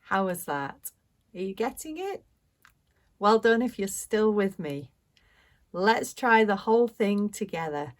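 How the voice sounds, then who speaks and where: A British woman leads an English pronunciation lesson at a very unhurried pace. She enunciates each word carefully and leaves gaps for learners to repeat. Her pitch sits in an ordinary middle range. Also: animated. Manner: clear, deliberate enunciation with pauses for repetition. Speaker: English teacher.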